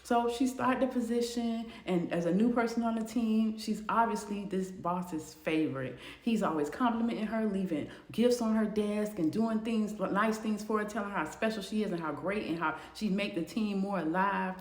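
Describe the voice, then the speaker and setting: A woman narrating a storytime video in a casual, animated way. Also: mid-range voice, moderate pace, hardly any pauses. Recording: roomy echo.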